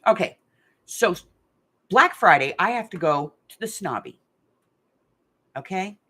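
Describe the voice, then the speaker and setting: A husky, fairly low-pitched woman's voice, animated and unhurried with a fairly bright tone. The middle-aged speaker hosts a craft channel live game from a hot room at home, chatting casually and telling rambling stories punctuated by frequent laughs.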